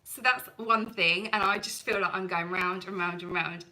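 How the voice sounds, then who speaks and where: Chatty woman with a bright tone. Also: fairly low pitch, steady tone, moderate pace, low-quality recording. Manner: chatty, rambling, self-deprecating. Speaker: cleaning channel host. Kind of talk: live stream chat with viewers.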